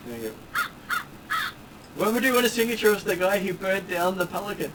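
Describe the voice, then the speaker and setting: A man's voice: sits high, expressive, fairly quick, recorded from a distance, background noise. A man narrating a tabletop game as game master, rambling along with many fillers.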